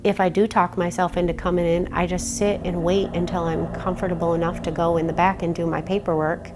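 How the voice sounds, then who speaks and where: A woman's voice: lowish voice, level tone, fairly quick, noisy background. A frightened woman in casual interview, talking in a rambling, nervous way and swearing often. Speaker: homeowner reporting a haunting.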